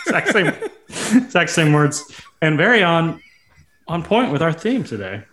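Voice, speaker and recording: A man's voice: fairly high pitch, wildly swooping pitch, takes it slowly, pauses often, fairly bright tone, slight background noise. A man co-hosting a casual music podcast, telling amused anecdotes. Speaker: podcast co-host. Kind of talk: casual chat.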